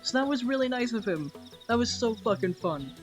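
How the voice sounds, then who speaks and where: Game streamer at a home setup, casual and foul-mouthed, voice pitched mid-range, game music clearly underneath. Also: brisk. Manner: chatty storyteller, swears freely, gets loud and excited. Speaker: Twitch streamer.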